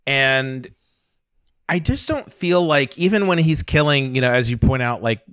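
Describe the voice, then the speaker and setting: A man's voice: mid-range voice, animated, unhurried, fairly bright tone, clean tone, dry recording, clean studio sound. Thoughtful man in casual movie chat. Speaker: podcast co-host reviewing movies.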